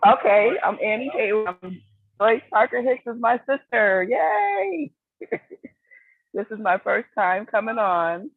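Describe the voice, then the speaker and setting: A woman introducing herself for the first time on a call, shy but warm. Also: mid-range voice, moderate pace, no room sound. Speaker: panelist. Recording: tinny phone-line audio.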